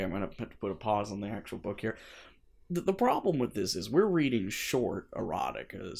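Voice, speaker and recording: A man's voice: lowish voice, gravelly. A man co-hosting a podcast, chatting casually, joking, swearing freely and reading passages of a book aloud. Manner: animated, swears freely, jokey. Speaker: podcast co-host.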